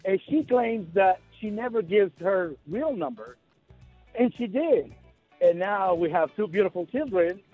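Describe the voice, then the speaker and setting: A man calling in to a radio show, telling his story in an earnest, halting way. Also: sits high, expressive, no room sound. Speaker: caller. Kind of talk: phone-in storytelling. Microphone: telephone. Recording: tinny phone line with faint music.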